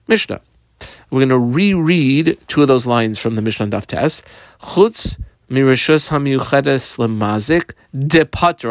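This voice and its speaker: A man's voice: medium pitch, no echo, clean studio sound. A man teaching a Talmud lesson, reading out passages and explaining how he marks up the text.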